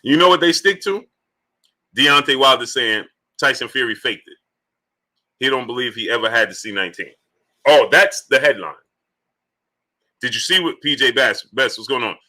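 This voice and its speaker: A man hosting a live stream, giving boxing commentary in lively bursts and greeting viewers by name from the chat. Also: mid-range voice, moderate pace, long pauses. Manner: animated, greets viewers by name between points. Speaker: livestream host.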